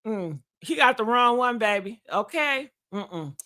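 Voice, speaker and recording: A woman's voice: on the high side, animated, measured pace, sharp tone. A woman hosting a podcast, telling dating stories in a sassy, frank, casual way, often calling listeners girl and honey and laughing. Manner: swears freely. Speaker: podcast host. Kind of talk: casual storytelling chat.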